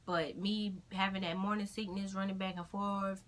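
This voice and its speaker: A young woman telling a personal story in a casual vlog, animated, acting out the voices of others. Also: moderate pace. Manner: animated, acts out her own crying in high-pitched quotes. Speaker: vlogger. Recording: faint background noise.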